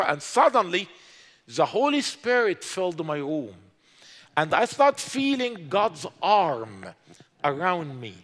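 High-voiced Egyptian man preaching in a reverberant hall. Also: sing-song, a bit bright. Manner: impassioned, rising to urgent exhortation; halting non-native grammar. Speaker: speaker giving his conversion testimony. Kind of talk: preached testimony. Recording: long reverb of a large hall.

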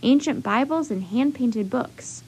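A woman voicing a hurried grown man who is saving old books, speaking in a brisk, urgent way for a storybook read-aloud. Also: a little high, animated, a little mellow, a little hiss or hum, poor audio.

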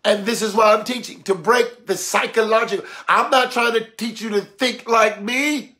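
A man preaching a sermon, animated and colloquial, acting out voices to make his points. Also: high-pitched, normal speed. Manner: animated, mimics voices, laughs.

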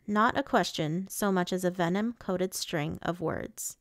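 A woman narrating a novel in the first person with a measured, even storytelling manner. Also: fairly low pitch, no room sound, clean studio sound. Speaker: audiobook reader.

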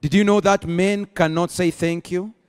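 A man preaching a sermon as pastor, rising into emphatic bursts and slowing to stress key phrases. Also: sits high, fairly even intonation, darkish tone, clean tone. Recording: long hall reverb.

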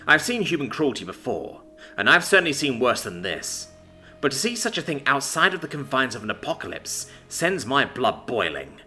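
A man giving a scripted, expressive dramatic reading of a fantasy story. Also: medium pitch, normal speed, faint music behind. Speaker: story narrator. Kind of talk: scripted narration.

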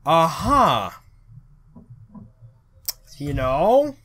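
A man giving let's play commentary, excitable, swearing a lot and thinking aloud as he plays. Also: a little high, extremely slow. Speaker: gamer.

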